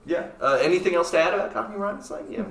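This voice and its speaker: High-pitched and expressive, with vocal fry and a fairly bright tone, a man hosts a casual podcast and leads a quiz game. He's playful and jokey, full of quick asides in loose conversation. The mic is distant, off-mic in an echoey room.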